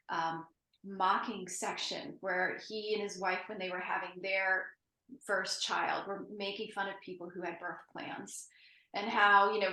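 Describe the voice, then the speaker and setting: A woman host tells her story in a chatty, laughing manner. Her voice has a bright, sharp edge and sits in a roomy, echoing space. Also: medium pitch. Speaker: podcast host and author. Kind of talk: conversational interview. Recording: roomy echo.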